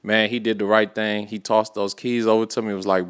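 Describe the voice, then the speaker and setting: A man, a podcast guest, telling a story in a casual, animated way with profane street slang. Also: on the low side, a little fast, clear, resonant tone.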